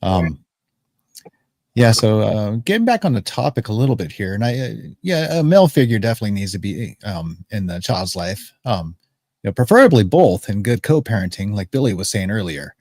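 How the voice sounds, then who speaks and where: A low-pitched man hosts a live talk stream, speaking calmly and steadily, often pausing on an "um." The recording is dry and close. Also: dry recording. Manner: calm, affirming, filler-heavy. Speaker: host. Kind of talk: casual livestream talk.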